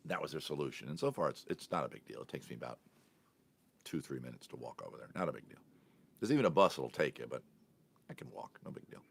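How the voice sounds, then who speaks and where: Deep-voiced man telling a rambling story. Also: no room sound. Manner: rambling, chatty, self-correcting. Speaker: podcast host. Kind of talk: casual storytelling monologue.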